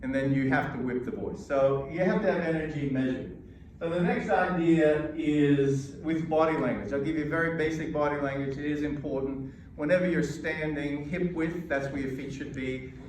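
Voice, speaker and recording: An American man coaching an audience on presenting, emphatic and measured, pausing between points. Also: a little high, steady tone, a little mellow, recorded from a distance, a little hiss or hum. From United States. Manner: emphatic, with pauses and demonstrations. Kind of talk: lecture to a live audience. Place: lecture hall. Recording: echoey hall recorded from afar.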